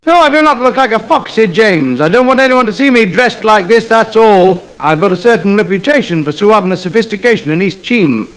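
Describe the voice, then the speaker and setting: A man's voice: sits high, expressive, a little fast, hardly any pauses, a bit bright, poor audio. A man doing a pompous, fussy, self-pitying gent. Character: pompous suburban man with a fussy, indignant temper. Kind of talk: AI-voiced comedy sketch.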